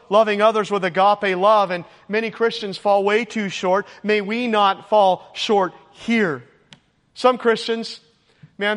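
High-voiced man preaching in a reverberant church. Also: fairly bright tone. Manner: earnest exhortation, gets emotional. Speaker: pastor. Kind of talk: sermon. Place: church sanctuary. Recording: long hall reverb.

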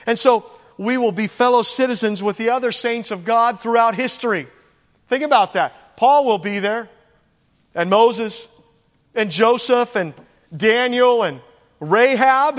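A man's voice: sits high, moderate pace. A man preaching a sermon to his congregation, emphatic, rising for stress and asking the room questions. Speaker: pastor. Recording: echoey church hall with long reverb.

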